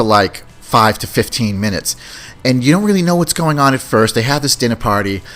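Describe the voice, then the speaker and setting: Brief: male podcast host, casual movie review chat, rambling, mid pitch. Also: a bit bright. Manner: rambling, repeats words.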